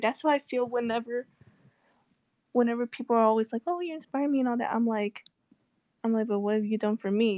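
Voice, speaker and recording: Young female vlogger, candid and sarcastic, slightly high voice, dry close recording. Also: a little mellow, no room sound. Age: young adult. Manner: swearing, rambling, with sarcastic asides. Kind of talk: casual chat.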